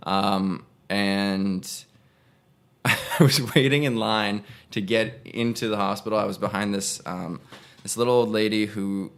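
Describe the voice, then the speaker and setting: Gravelly low-voiced young man telling a story. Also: measured pace. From Canada. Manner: rambling, self-correcting, acts out voices in quotes. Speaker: actor and podcast guest. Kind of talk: casual storytelling.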